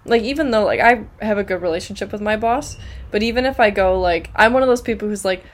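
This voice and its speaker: A woman in casual chat, retelling scenes in an animated way and acting out quotes. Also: mid-range voice, fast. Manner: animated storytelling, acts out quotes. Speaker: podcast co-host.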